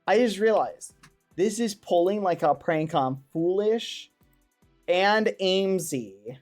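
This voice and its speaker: A man streaming a game, chatting casually and excitedly with his viewers and using wholesome exclamations instead of swearing. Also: high-pitched, takes it slowly, faint music behind. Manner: excitable, talks to his chat. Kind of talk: casual gaming livestream chat.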